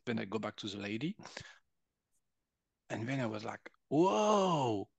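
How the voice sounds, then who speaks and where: Animated French man telling stories. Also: fairly low pitch, moderate pace, gravelly, breathy edge, no echo. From France. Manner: animated, acts out quotes, laughs often. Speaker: guest, energy healer. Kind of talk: personal storytelling in conversation.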